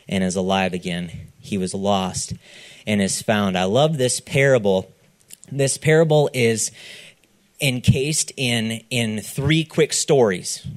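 Male pastor, mid-pitched, animated storyteller who acts out each character and checks in with the congregation. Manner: checks in with the audience, "okay?". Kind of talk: sermon.

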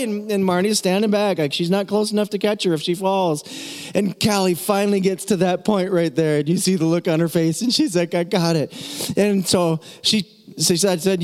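A middle-aged man preaching with a lively story, acting out voices and shouting encouragement. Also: sits high, brisk. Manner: animated, acts out the people in his story, shouts encouragement. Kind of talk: storytelling sermon.

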